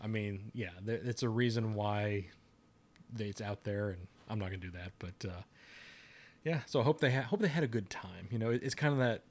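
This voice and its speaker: A man hosting a laid-back podcast and chatting loosely. His voice sits fairly low, and he rambles along, restarting his sentences and laughing easily. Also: brisk, darkish tone. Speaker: podcast host. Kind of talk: casual chat.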